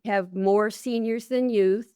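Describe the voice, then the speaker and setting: A woman's voice: medium pitch, fairly even intonation, a little slow, warm tone, smooth, dry recording, studio quality. A woman hosting a caregiving podcast, earnestly explaining with client stories and statistics. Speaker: podcast host, nurse. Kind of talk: interview conversation.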